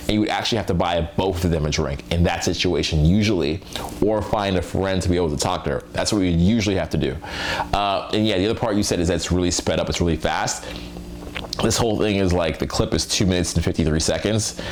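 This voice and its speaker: Low-voiced chatty male coach. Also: quick pace, slight background noise. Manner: loose and chatty, many fillers, acts out quoted lines. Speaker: dating coach and host. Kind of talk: casual reaction commentary.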